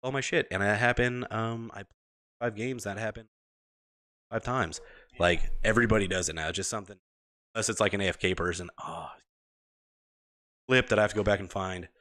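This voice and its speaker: A man's voice: fairly low pitch, fairly quick, pauses often, a bit bright, no echo. A young man rambling about video games in casual podcast chat, swearing often. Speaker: podcast co-host.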